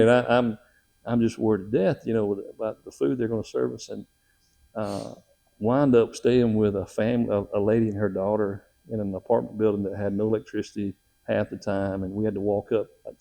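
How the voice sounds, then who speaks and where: A man's voice: lowish voice, gravelly, warm tone. A middle-aged man, a missionary, telling a personal testimony in a folksy, emotional way with frequent laughs.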